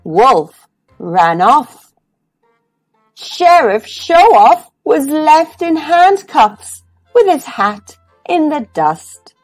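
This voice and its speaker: A woman's voice: high voice, very animated, extremely slow, no echo, soft background music. A woman reading a children's phonics storybook aloud in a sing-song storytelling way. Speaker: storybook reader.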